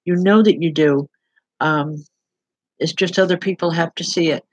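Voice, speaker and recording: A woman's voice: lowish voice, steady tone, normal speed, no echo, poor audio. A woman working as a medium, giving spirit readings online and speaking directly to people by name in an earnest, plain-spoken way.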